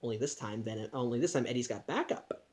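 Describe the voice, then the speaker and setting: A man's voice: medium pitch, fast, a little mellow. A man casually recapping a film plot, talking in a loose, chatty way with many restarts and asides. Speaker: podcast host.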